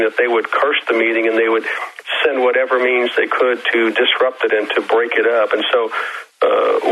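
A man, a guest evangelist, earnestly recounting an experience in a halting way, often repeating his words. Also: medium pitch, slightly rough, lo-fi sound. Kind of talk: storytelling interview answer.

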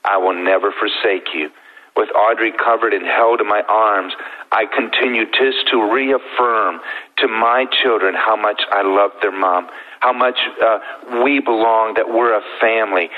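A middle-aged man telling his personal story as a guest, earnest and heartfelt with slow pauses. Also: on the low side. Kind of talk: emotional personal testimony. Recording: thin phone-like sound.

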